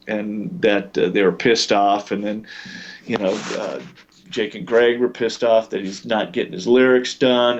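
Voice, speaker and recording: A man's voice: on the low side, highs cut off. A man telling long anecdotes as an interview guest, full of fillers and restarts. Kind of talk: storytelling in a podcast interview.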